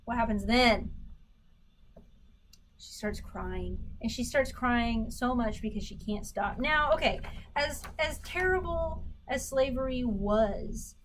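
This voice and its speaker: A woman lecturing with a raised pitch. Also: slow pace, poor audio. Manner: asks the class questions and answers them herself; reads quotations aloud. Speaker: history instructor. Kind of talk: recorded lecture on primary documents.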